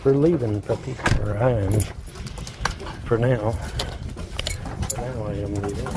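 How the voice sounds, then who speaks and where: A man's voice: fairly low pitch, steady tone, slow pace, very noisy. A man filming outdoors in the rain on a phone, rambling and cooing baby talk at his dogs. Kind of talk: casual handheld video narration.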